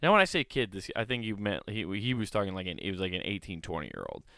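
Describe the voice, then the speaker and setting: A man's voice: lowish voice, sing-song, quick pace, bright, forceful tone, dry recording, clean studio sound. A man hosting a comedy podcast, telling a rambling, profane, incredulous story in a casual monologue.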